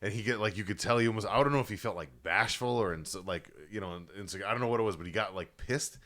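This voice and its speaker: A man's voice: on the low side, quick pace. A man co-hosting a podcast, telling a story casually and swearing often. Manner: swears a lot, animated anecdote-telling. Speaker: podcast co-host.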